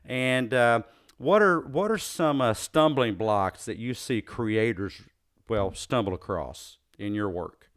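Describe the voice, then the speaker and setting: A podcast host with a Southern US accent conducts an interview, often hesitating and restarting his phrases. His mid-range voice is animated, and he takes his time.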